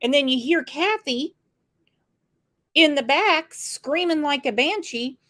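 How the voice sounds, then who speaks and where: A woman's voice: high voice, expressive, slow pace, pushed and bright. A woman hosting a true crime commentary, talking casually with sarcastic, mocking asides.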